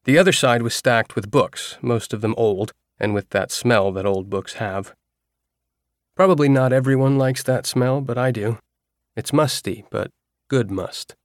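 A man reading a novel aloud as a first-person narrator, in a steady storytelling manner. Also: medium pitch, measured pace, dry recording, studio quality. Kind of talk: audiobook narration.

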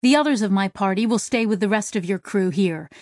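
A woman voicing a stern alien captain who speaks in a formal, measured, menacing way. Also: mid-range voice, a little mellow, no echo, studio quality, natural voice.

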